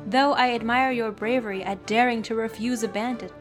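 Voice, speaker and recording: A woman voicing a polite young Regency gentleman in a formal, courteous and slightly evasive way. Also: on the high side, fairly even intonation, brisk, over music, natural voice.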